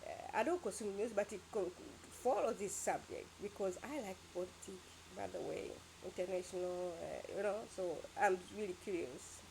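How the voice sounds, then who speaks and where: A woman's voice: mid-range voice, moderate pace, vocal fry, hardly any pauses, a little mellow, a little hiss or hum. Rambling, emphatic woman vlogger. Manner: emphatic, rambling, with sound-effect words. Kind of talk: casual opinion monologue.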